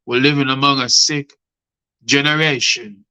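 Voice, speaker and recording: A man's voice: medium pitch, steady tone, moderate pace, bright, forceful tone, smooth, poor audio. A middle-aged man, hosting a live show and reciting rhyming spoken-word poetry, calling his guests by name. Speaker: host and poet.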